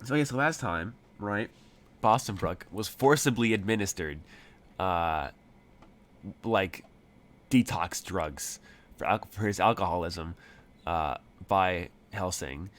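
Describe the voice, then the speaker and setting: Man game master, low voice, casual hesitant narration. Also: lively intonation, takes it slowly. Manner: rambling, hesitant, many fillers.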